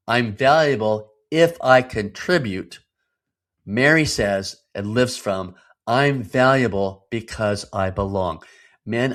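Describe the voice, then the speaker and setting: A man in his fifties hosting a devotional podcast, teaching in an earnest, emphatic way and putting rhetorical questions to the listener. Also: mid-range voice. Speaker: podcast host.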